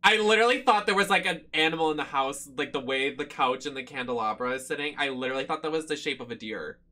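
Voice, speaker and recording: A streamer giving loud, profane, joking running commentary on a live horror game stream, with sudden squeals when startled. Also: medium pitch, fast. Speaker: streamer playing horror games.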